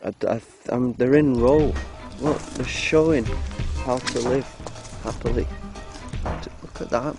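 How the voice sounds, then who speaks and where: A man's voice: mid-range voice, a little slow, pauses often, over music. A man filming in a cold outdoor field, rambling and joking in loose commentary to the camera, breaking into chanted mantras. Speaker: vlogger filming animals.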